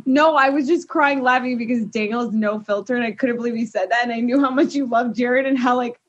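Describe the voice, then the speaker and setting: Husky higher-voiced woman on a dull recording. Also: a little fast. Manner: animated, enthusiastic, laughs often. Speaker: podcast co-host. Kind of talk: casual chat.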